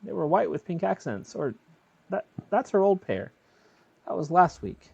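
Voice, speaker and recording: A man's voice: high-pitched, very animated, normal speed, gravelly, mellow, slightly rough, no room sound, muffled recording, full character voice. A man voicing a worried husband who stammers and apologizes while reporting his missing wife.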